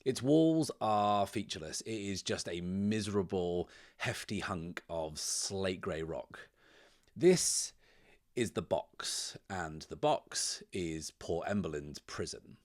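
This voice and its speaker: A man with a very low voice runs a solo tabletop adventure as game master and host. He describes scenes in relaxed, unhurried narration that drifts into musing aloud over each roll.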